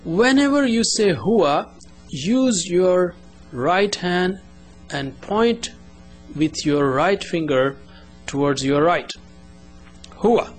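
A man teaching a language lesson, explaining step by step and drilling words slowly with repetition. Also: high-pitched, lively intonation, soft background music.

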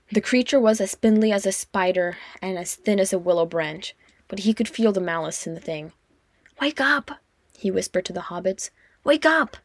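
A woman reading fiction aloud as an audiobook narrator, in an expressive storytelling manner. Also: medium pitch, no room sound, studio quality. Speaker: audiobook reader.

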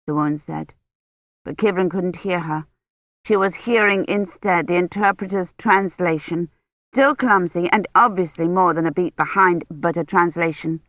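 An audiobook narrator reading a story in a measured, even storytelling manner. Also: medium pitch, no echo. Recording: dull, lo-fi dry recording.

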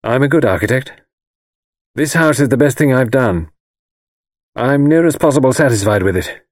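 A man's voice: medium pitch, lively intonation, moderate pace, darkish tone, dry recording, voice pushed up, close to an everyday voice. An intense, brooding architect, read by a man with an urgent, insistent edge and a voice that rises and falls a great deal. The delivery stays cryptic and pressing, set down in a dry, close recording.

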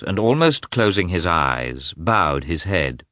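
Very deep-voiced male narrator. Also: big pitch swings, slow, hardly any pauses, fairly bright tone, no echo, clean studio sound. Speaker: audiobook narrator. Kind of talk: scripted narration of a classic novel.

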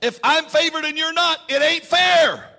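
In a big hall full of long, ringing reverb, a male pastor preaches at a moderate pace in a remarkably high, bright voice. He repeats his main lines, prompts the congregation to respond, and builds to shouting.

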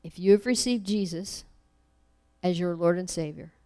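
A woman teaching a Bible lesson, reading verses aloud and acting out the quoted lines with animated emphasis. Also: fairly low pitch, moderate pace, clear, resonant tone. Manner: animated, acts out scripture quotes.

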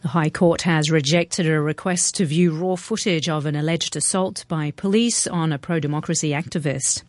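A newsreader reading radio news headlines in a steady, formal way. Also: medium pitch, no echo.

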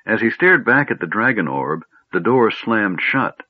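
A man narrating a fantasy story in a measured storytelling manner. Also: on the low side, sing-song, dry recording. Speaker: audiobook narrator. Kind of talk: scripted narration. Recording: dry, tinny phone-like audio.

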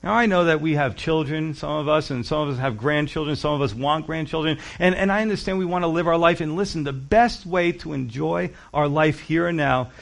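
A man's voice: a little high, fairly quick, gravelly, few pauses. A male pastor preaching a sermon, earnest and urgent, speaking directly to his listeners.

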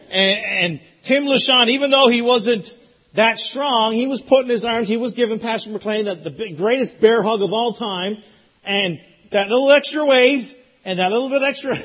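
A man preaching a sermon as a pastor, telling a lively story that builds in excitement. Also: sits high, breathy edge, lo-fi sound. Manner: animated storytelling, rising loud in excitement.

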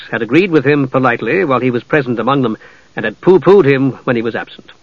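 A man's voice: medium pitch, a bit bright, dry recording, lo-fi sound. Man narrating a fantasy audiobook.

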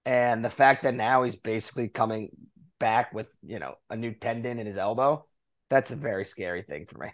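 A man's voice: fairly low pitch, fairly quick. A man co-hosting a baseball podcast, running through news items in a casual, conversational way with frequent fillers. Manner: conversational, reads notes with fillers. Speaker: podcast co-host. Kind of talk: casual sports chat.

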